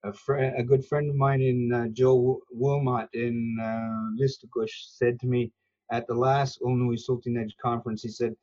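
A man's voice: medium pitch, level tone, moderate pace, a little mellow. Patient, teacherly man on dull audio. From Newfoundland, Canada. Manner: patient, teacherly, hesitant fillers. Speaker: interview guest, language learner. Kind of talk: earnest conversational explanation.

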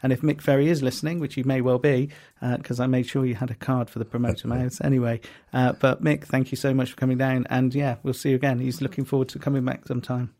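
A man's voice: mid-range voice, level tone, quick pace, few pauses, dark tone. Easygoing male podcast co-host. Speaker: podcast co-host and comedy promoter. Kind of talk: casual chat.

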